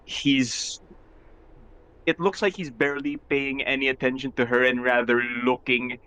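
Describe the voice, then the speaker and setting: A man playing a tabletop game, describing his character's actions in a relaxed way. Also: mid-range voice, unhurried, no echo, rough recording. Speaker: player. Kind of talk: tabletop role-play.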